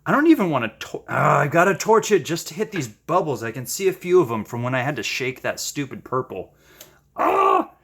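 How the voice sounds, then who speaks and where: Excitable man with a wildly swooping pitch. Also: a little fast, gravelly, hardly any pauses, slightly rough. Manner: excitable, gushing exclamations; chatty, self-deprecating asides. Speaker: paint-pouring channel host. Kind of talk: casual narration while painting.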